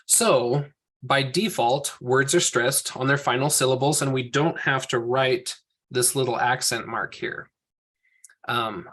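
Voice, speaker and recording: Lecturing an online class by video call, this man teaches Hebrew and walks through the rules patiently one step at a time. His voice is mid-range and a bit bright.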